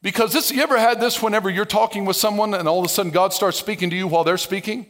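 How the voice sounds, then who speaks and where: A man preaching a lively, conversational sermon as a pastor, acting out biblical dialogue with playful sarcasm and humor. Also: high-pitched, racing.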